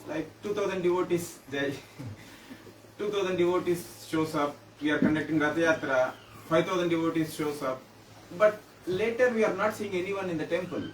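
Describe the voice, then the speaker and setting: A man in the audience asking a hesitant, halting question. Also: fairly high pitch, far from the mic. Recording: echoey room, mic from afar, faint hiss.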